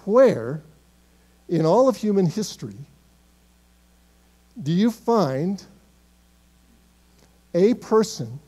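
A man preaching a sermon as pastor in a church, emphatic and swinging between loud declarations and hushed, quiet words. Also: high voice, big pitch swings, very slow, long pauses. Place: church sanctuary.

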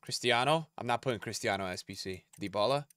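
A tired man live-streaming a game, swearing and venting at his chat, from mutters to yells. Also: mid-range voice, fast talker, smooth, no echo, clean studio sound. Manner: swears and vents at chat, swinging from mumbling to yelling.

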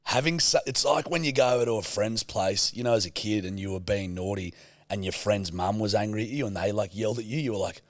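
A man's voice: on the low side, fairly quick, no echo. A man with an Australian accent co-hosting a podcast, a blokey country type who swears freely and cracks puns. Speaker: podcast co-host. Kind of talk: casual chat.

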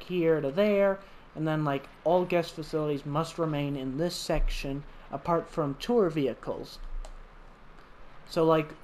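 A man's voice: fairly high pitch, slight background noise. Chatty man narrating a game playfully. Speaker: gaming channel host. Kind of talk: casual gameplay commentary.

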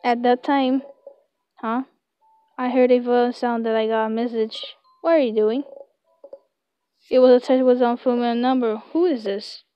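A young woman reading a web story aloud in slow, halting English, recorded on a close, dry home mic. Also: on the high side, steady tone, smooth, lo-fi sound, faint music behind. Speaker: story reader.

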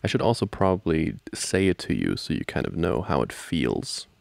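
A young man in a whispered role-play as a boyfriend, soft-spoken and playful, laughing often, close to the microphone. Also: a bass voice, big pitch swings, moderate pace, vocal fry, dry recording.

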